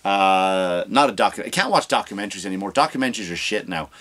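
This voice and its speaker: A man's voice: deep voice, animated, fast, fairly bright tone. A man hosting a comedy podcast, ranting and swearing freely, acting out the voices of people he quotes. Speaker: podcast host. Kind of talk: comedic rant.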